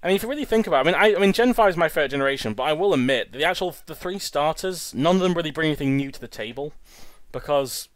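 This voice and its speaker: A man's voice: a little high, lively intonation, racing, dry recording. A man hosting a let's play, rambling through casual commentary with lots of stammered restarts and laughs.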